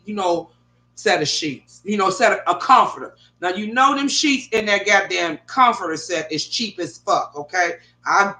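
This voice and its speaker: Rambling, foul-mouthed middle-aged woman, echoey room. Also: medium pitch. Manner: animated, rambling, heavy swearing. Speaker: vlogger. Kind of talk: casual profane storytelling to viewers. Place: bedroom at home.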